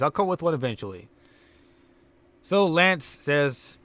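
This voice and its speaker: A man's voice: fairly high pitch, very animated, a little slow, pauses often, a bit bright. A man casually recapping a wrestling simulation game, rambling with fillers and chuckles. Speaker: game commentator. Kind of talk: casual let's-play recap.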